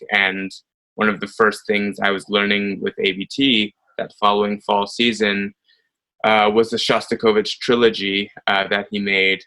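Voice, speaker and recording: A man in his thirties with an American accent, a ballet dancer telling stories in an interview, animated and full of fillers. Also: lowish voice, poor audio. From United States. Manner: animated storytelling with frequent fillers and laughs. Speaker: ballet soloist guest. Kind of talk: conversational interview.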